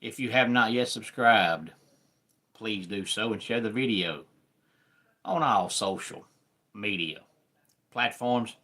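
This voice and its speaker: A man with a Southern accent hosting a live sports talk stream, chatting with viewers in an unhurried way. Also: fairly low pitch, pushed and bright. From American South. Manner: unhurried, greets viewers by name.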